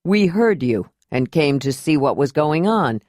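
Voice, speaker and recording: A woman voicing a steady male leader who speaks calmly and firmly. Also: low voice, measured pace, no echo, clean studio sound, heavily acted. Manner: calm, reasoned and commanding. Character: steady male clan leader, calm and firm.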